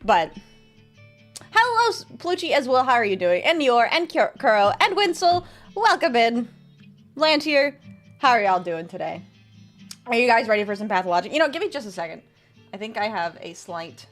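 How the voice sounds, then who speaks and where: A woman's voice: on the high side, big pitch swings, moderate pace, pauses often, fairly bright tone, faint music behind. A woman streamer chatting casually with her viewers, sarcastic and laughing often. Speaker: VTuber streamer. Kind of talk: casual stream chat reading viewer messages.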